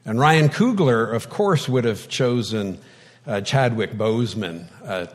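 A man preaching a sermon, deliberate and reflective, with touches of light wry humor. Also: fairly low pitch.

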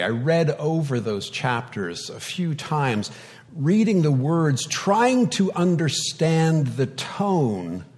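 A man preaching a sermon in a conversational way, with light humor, dramatic pauses and wide swings in loudness. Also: medium pitch, long reverb tail.

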